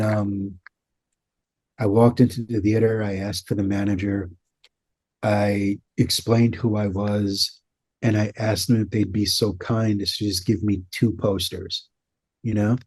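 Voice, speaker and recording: A man guest in an interview, telling his story earnestly and measured, with an occasional swear for emphasis. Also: lowish voice, warm tone, dry recording. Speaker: guest, author and producer.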